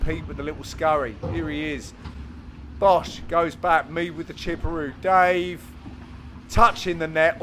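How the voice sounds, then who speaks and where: A man's voice: on the high side, slight background noise. Cheeky Cockney man bantering over match clips. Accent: London Cockney. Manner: cheeky, banter-filled, bursts of loud exclamations. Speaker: amateur padel commentator. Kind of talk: joking commentary over match footage.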